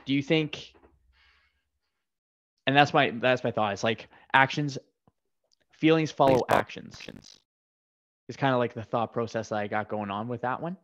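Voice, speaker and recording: Podcast host guy, keeps restarting his thoughts, kinda dull lo-fi sound. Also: mid-range voice. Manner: halting, restarts sentences while searching for words. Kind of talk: casual interview chat. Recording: slightly dull lo-fi audio.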